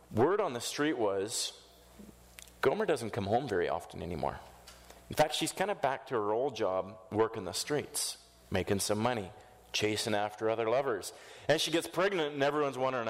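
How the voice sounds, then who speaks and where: Male preacher, mid pitch, vivid storyteller, reverberant sanctuary sound. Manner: animated storytelling with voiced quotes. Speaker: pastor. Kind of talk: sermon. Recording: echoey hall reverb.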